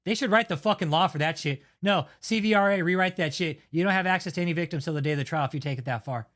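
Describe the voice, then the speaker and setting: A man's voice: fairly high pitch, fast talker, fairly bright tone. A man hosting his own channel, delivering a heated, heavily profane and blunt rant of commentary. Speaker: channel host. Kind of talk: angry ranting commentary.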